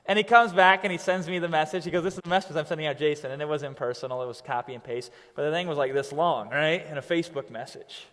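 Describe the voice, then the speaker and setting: A man teaching an online business lesson in a lively, conversational way, checking in with "right?" over and over. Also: fairly high pitch, fast, hardly any pauses, long reverb tail. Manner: animated, conversational, keeps asking "right?". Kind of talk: coaching lesson.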